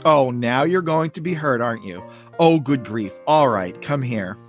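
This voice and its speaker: A man's voice: medium pitch, animated, moderate pace, soft background music, close to an everyday voice. A man reading a comic strip aloud and giving the lines of Charlie Brown, a fretful, put-upon young boy. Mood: weary. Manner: exasperated, scolding.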